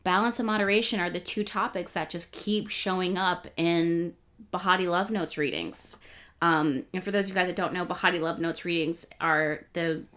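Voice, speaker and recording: This chatty woman hosts astrology talk to camera in a lowish voice at normal speed. She rambles and self-corrects, speeding up and rising in pitch when excited.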